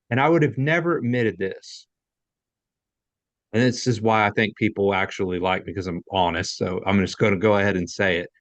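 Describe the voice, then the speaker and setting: A podcast host conducts a conversational interview, posing long, candid, rambling questions. His voice is fairly low in pitch and a bit bright, and there's no room sound in the recording.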